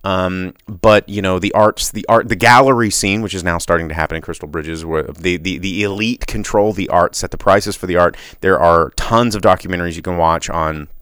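A man hosting a solo podcast, rambling and passionate, often drifting off on tangents. His low voice is bright and crisp, swinging widely in pitch, recorded close and dry with no room sound. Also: steady tone, fairly quick, few pauses, dry recording. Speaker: podcast host.

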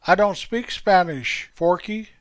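A man voicing Earl, a naive, puzzled high school freshman boy, in a raised voice. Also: takes it slowly, no room sound.

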